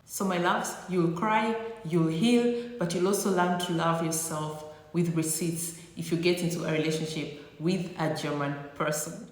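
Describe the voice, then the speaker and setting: A woman's voice: fairly low pitch, fairly even intonation, unhurried, few pauses. A woman vlogger giving comedic advice to camera in a sassy, teasing, playfully exaggerated way. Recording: echoey room with long reverb.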